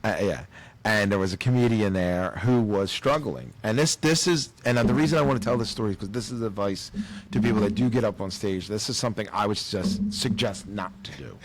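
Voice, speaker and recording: Low-voiced man telling comedy stories. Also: a little fast. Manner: animated storyteller, acts out voices. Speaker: comedian guest. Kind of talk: casual podcast chat.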